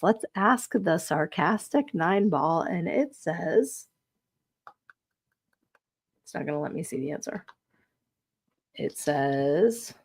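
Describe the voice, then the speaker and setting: Chatty woman hosting a live stream. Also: medium pitch. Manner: chatty, reads viewer comments aloud, giggly. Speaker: podcast host. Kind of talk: casual live-stream chat.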